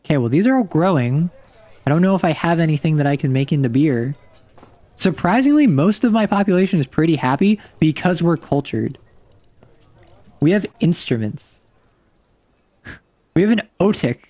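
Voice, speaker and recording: A man streaming a game, talking casually and rambling as he thinks aloud. His voice sits a little high and jumps in pitch, recorded on a dry, close desk mic. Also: expressive, moderate pace, pauses often, dark tone, no room sound. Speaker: vtuber streamer. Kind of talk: casual livestream commentary while playing.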